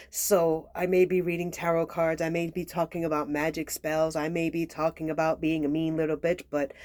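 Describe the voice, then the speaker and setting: A woman tells a story in a somewhat low voice, chatty and sassy, talking straight to her viewers. The sound is dry and close, with no room echo. Now and then she drops into a soft near-whisper. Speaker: tarot reader and channel host. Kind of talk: casual spoken storytelling.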